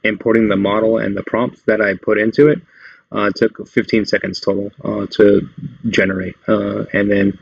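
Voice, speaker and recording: Tutorial host, male, low and raspy, relaxed meandering delivery, lo-fi audio. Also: normal speed, dry recording. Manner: loose, meandering explanation. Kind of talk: casual screen-recorded tutorial. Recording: dull lo-fi dry sound.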